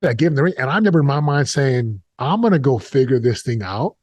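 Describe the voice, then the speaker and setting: A man's voice: medium pitch, expressive, fast talker, darkish tone, dry recording. Earnest man telling a hard story. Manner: earnest, confessional, talks in bursts with repeats. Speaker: guest. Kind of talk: emotional storytelling interview.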